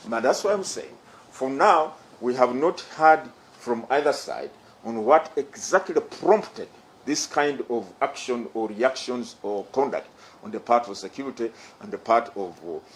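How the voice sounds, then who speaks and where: A man's voice: medium pitch, a little hiss or hum, low-quality recording. A middle-aged man with a Ugandan English accent, chairing an electoral commission and giving a formal press conference statement, emphatic and repeating his key phrases.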